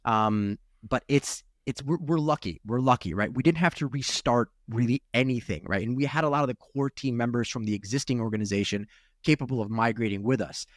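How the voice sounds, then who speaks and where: A man's voice: mid-range voice, a little fast, no room sound, studio quality. A man in his thirties from Ukraine with a Chicago accent, a startup chief talking in an interview, often restarting and adding "right?". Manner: lots of restarts and "right?" tags. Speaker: startup CEO guest. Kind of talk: interview conversation.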